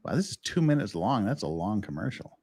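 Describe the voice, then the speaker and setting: A man's voice: lowish voice, sing-song, brisk, a little mellow, slightly rough, no room sound. A man from Utah hosting a casual live stream, often laughing and reading the chat aloud. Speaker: streamer host.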